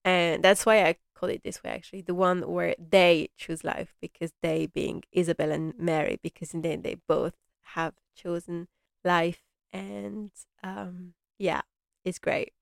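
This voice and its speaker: A young woman hosts a casual recap chat, rambling and animated, with lots of fillers as she gushes about the episode. Her voice sits fairly low. The recording is dry and close, with no room echo. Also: unhurried, gravelly. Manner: chatty and rambling, many "like" and "you know" fillers; gushing and animated. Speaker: host recapping a TV drama.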